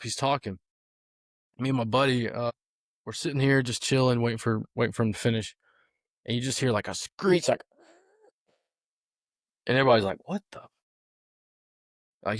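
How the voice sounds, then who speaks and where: Football coach guy just chatting, rambly story mode, normal pitch, dry mic. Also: dry recording. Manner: rambling anecdotal storyteller with many fillers. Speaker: football coach and podcast host. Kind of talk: casual storytelling chat.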